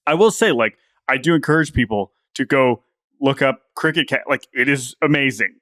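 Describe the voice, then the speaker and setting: Male co-host, easygoing banter, average pitch, close dry studio sound. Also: normal speed, no room sound. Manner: animated, laughs often, repeats words while thinking. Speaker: podcast co-host. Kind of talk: casual sports podcast chat.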